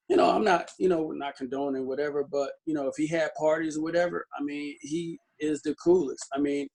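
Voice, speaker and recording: A male interview guest with a fairly high voice. He rambles through his stories and fills them with restarts and small fillers. His delivery is casual and easygoing. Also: a little mellow. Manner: loose storytelling, many fillers and restarts.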